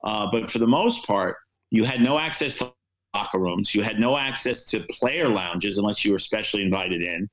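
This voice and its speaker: A man's voice: on the low side, lively intonation, normal speed, fairly bright tone, low-quality recording. An older American man, a sportswriter, telling wry, self-deprecating stories with many fillers in a podcast interview. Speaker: sportswriter guest.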